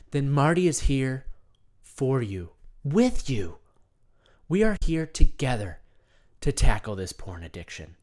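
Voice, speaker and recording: A man hosting a comedic self-help monologue, earnest and soothing, talking about himself in the third person. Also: on the high side.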